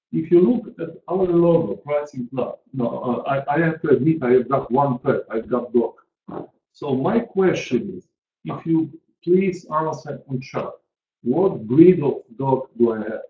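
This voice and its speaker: A man, presenting a pricing webinar in an earnest, emphatic way and repeating his key points. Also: fairly high pitch. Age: 40s. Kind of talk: online presentation to an audience. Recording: roomy, dull lo-fi call audio.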